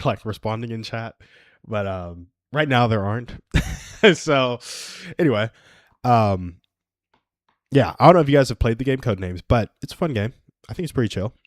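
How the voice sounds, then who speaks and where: Low-voiced young man hosting a livestream. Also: no room sound, clean studio sound. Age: 20s. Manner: rambling and self-amused, chuckles at his own stories. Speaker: livestream host. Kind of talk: casual solo livestream chat.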